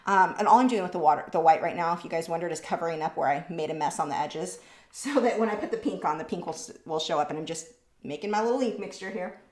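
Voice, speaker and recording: A woman hosting a live painting stream, chatting casually and answering viewer questions, warm and talkative. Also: fairly low pitch, quick pace, roomy sound. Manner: warm, chatty, easily moved, laughs between words.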